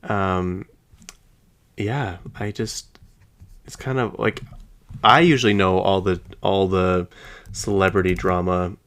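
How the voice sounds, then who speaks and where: A man's voice: low-pitched, fairly even intonation, takes it slowly, pauses often, a bit bright. A male podcast host talking casually and gossipily about celebrity news, rambling and speaking directly to his listeners. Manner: chatty, gossipy, rambling, addresses listeners as "you guys". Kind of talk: casual pop-culture chat.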